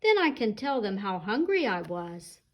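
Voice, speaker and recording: A woman voicing a curious, hungry little girl in a storybook read aloud, with breathy, sighing exclamations. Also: mid-range voice, very animated, moderate pace. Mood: fretful.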